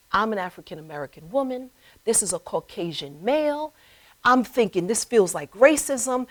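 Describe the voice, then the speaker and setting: A middle-aged woman hosting a talk show, telling a personal story with animated delivery and acted-out voices. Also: medium pitch, poor audio. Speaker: host. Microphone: live stream.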